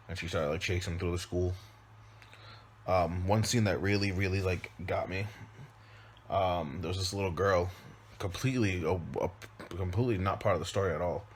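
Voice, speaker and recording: Low-voiced man rambling through a movie recap. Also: a little hiss or hum. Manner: loose and rambling, many ums and restarts. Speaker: father; movie reviewer. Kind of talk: casual spoken movie recap.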